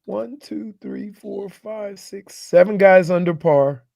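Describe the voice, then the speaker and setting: A man on a sports radio show reading golf scores off a leaderboard, pausing often with fillers. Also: high-pitched, gravelly, darkish tone, no room sound, studio quality. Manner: halting, with fillers as he reads a leaderboard. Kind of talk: casual sports radio banter. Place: radio studio.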